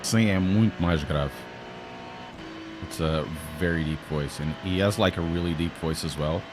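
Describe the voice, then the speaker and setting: A man with a Portuguese accent and a very low, deep voice talks loosely to his stream audience, joking and answering chat between corners. A faint hiss of noise sits under his speech. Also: moderate pace. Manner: chatty, joking, answering chat while driving. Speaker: sim racing streamer. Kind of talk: casual live-stream chat.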